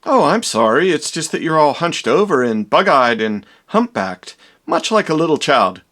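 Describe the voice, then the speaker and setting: A man's voice: fairly high pitch, sing-song, normal speed, a bit bright. A man playing a vain, dramatic young doctor in a comedy parody, with theatrical, exaggerated delivery.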